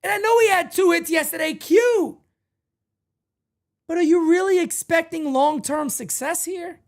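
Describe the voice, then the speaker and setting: A male host of a fan show, emotional and ranting, swinging from low muttering to shouting. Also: unhurried.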